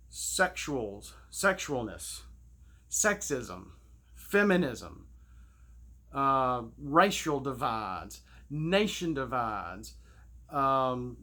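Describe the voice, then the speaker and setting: Indignant, stammering man with a bright voice. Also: a little high. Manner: rambling, with frequent stammered restarts; preachy and indignant. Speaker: gaming channel host. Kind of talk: casual spoken rant.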